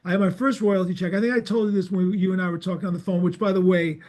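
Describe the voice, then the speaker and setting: An older man with a noticeably high voice hosts a casual podcast chat. He tells stories with energy and acts out both sides of the dialogue. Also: fast. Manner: animated anecdotes, acts out dialogue. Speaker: podcast host.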